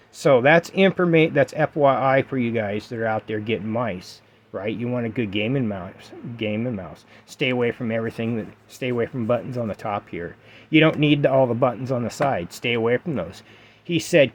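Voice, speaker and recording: Middle-aged dude vlogging gear tips, repeats himself a lot, lots of ums, pretty emphatic. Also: male voice, mid-range voice, moderate pace, a little hiss or hum. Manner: emphatic, repetitive advice-giving with fillers. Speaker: gaming vlogger. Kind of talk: casual vlog talk to camera.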